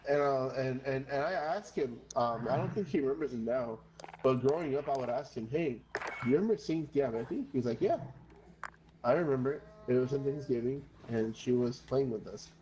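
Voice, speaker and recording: A woman's voice: rumbling low, brisk, warm tone, a little hiss or hum. A woman, telling a long rambling story with lots of swearing and some Spanish while gaming. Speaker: streamer. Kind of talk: casual chat while gaming.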